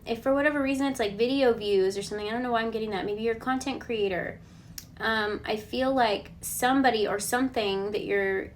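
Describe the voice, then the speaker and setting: A woman giving a casual collective tarot reading, relaxed and reassuring. She thinks aloud and often checks in with a questioning "okay?". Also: medium pitch, slight background noise. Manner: chatty, ends points with a questioning "okay?". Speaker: tarot card reader.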